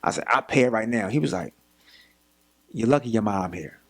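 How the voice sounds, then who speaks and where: A man's voice: lowish voice, moderate pace. A young man from Philadelphia, a podcast guest, telling a story casually and acting out the voices of the people in it. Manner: animated retelling, acts out quoted voices.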